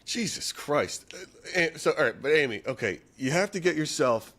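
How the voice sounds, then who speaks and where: A man's voice: fairly high pitch, expressive, normal speed, a bit bright. A man hosting a podcast, asking a guest stammering, incredulous questions in a casual interview. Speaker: podcast host.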